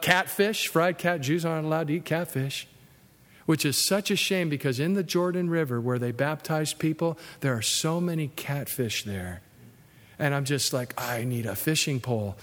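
A man preaching a sermon in a lively, conversational way, jumping into high voices when he acts out what people said. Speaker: pastor. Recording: long hall reverb.

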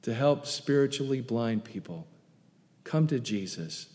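A male pastor preaching a sermon, urging loudly one moment and dropping to soft, hushed asides the next. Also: mid-range voice, expressive, measured pace. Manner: emphatic, swings between loud urging and soft hushed asides. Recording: reverberant hall.

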